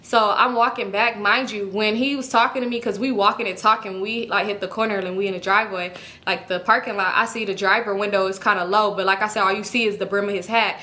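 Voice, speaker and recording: Fast, bright-voiced woman telling a story. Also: mid-range voice. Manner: animated, profane, chatty with asides to viewers. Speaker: YouTube storyteller. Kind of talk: casual storytime vlog.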